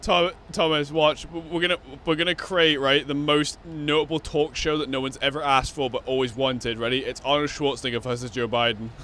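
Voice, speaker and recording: A man joking crudely with a friend on a game stream, swearing freely. His voice is bright and fairly high. Faint hiss sits under his chat. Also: fairly even intonation, a little fast, hardly any pauses. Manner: crude, laughing, profane banter.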